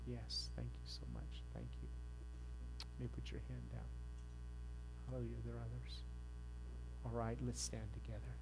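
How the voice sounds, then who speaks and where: A man preaching a sermon as pastor, rising to fervent peaks and dropping to a quiet appeal. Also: medium pitch, very animated, normal speed, vocal fry, pauses often, noisy background. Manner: impassioned preaching that rises and falls, then softens into a quiet altar call. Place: church sanctuary.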